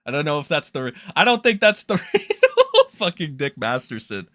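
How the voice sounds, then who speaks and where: Young guy ranting on stream, swears a ton, pitch bouncing all over, kinda high and bright. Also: huge pitch swings, moderate pace. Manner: rambling, crude, mocking, many fillers. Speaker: livestream commentary host. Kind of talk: profane casual livestream commentary.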